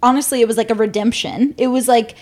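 A woman's voice: on the high side, fairly even intonation, fast, darkish tone. A young woman co-hosting a podcast, telling a story casually, swearing freely and acting out what people said. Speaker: podcast co-host.

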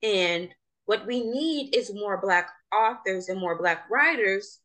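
A young woman with a bright, forceful voice hosts a relaxed podcast chat. She speaks with passion and strong opinions, pressing her points with emphasis. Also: mid-range voice, slow, rough recording. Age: young adult. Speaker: podcast host. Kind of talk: casual chat.

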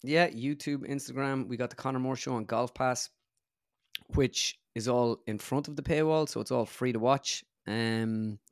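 A man's voice: mid-range voice, fairly even intonation, normal speed, no room sound, studio quality. A young Irish man from the Midlands, a comedian being interviewed casually, who runs his sentences together with many fillers. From Ireland. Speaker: comedian and impressionist, guest.

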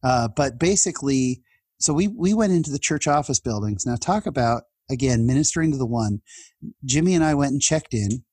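Husky animated middle-aged storyteller man. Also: mid-range voice, fairly quick, no echo. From California. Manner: animated, voice jumps up when excited. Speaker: guest telling a personal story. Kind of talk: conversational storytelling.

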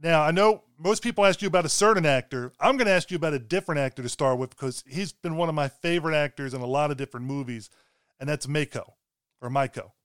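A male podcast host interviews his guest in a friendly, chuckling manner. His slightly high voice is smooth and resonant, recorded close and dry. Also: quick pace, fairly bright tone, no room sound. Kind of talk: casual interview.

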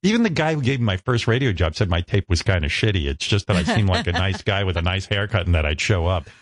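A man in his sixties from the New York area, a radio host telling stories in an animated, self-mocking, profane way. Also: deep voice, fast, dry recording. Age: 60s. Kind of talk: casual chat.

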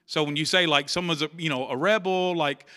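A man's voice: a little high, brisk, pushed and bright, clean tone. A man preaching a sermon in church, talking conversationally, repeating key phrases and acting out quotes. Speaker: pastor.

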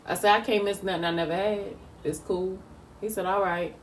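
A woman's voice: medium pitch, steady tone, fairly quick, slight background noise. A young woman casually telling a family story, quoting what others said. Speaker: daughter telling her story.

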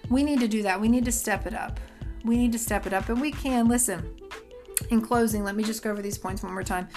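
Higher-voiced woman in her thirties, fervent Christian motivator addressing viewers directly, soft music under her. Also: fast talker. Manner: emphatic, preachy, addresses listeners directly. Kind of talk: casual motivational talk to camera.

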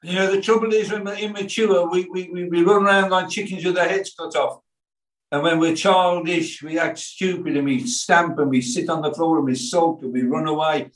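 A man's voice: on the high side, steady tone, moderate pace, a bit bright. An older man from England with a Birmingham accent, preaching a sermon as pastor, telling stories with quoted voices and asides. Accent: Birmingham English. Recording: echoey room from far off.

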